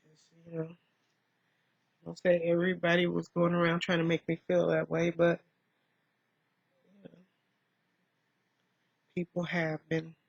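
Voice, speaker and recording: A woman vlogger talking softly and reflectively in a rambling way while doing her makeup, in a dull lo-fi recording. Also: fairly low pitch, vocal fry, husky, no room sound. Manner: soft-spoken, rambling, musing.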